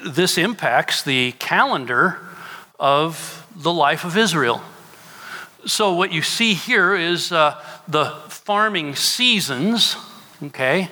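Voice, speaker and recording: A man's voice: sits high, bright, forceful tone. A middle-aged man, a pastor, preaching a sermon and asking his congregation questions as he teaches. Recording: long reverb of a large hall.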